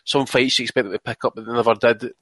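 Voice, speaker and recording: A man's voice: medium pitch, steady tone, fast, a bit bright, dry recording. A man co-hosting a boxing chat podcast, talking casually with many restarts and frequent swearing. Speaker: podcast co-host.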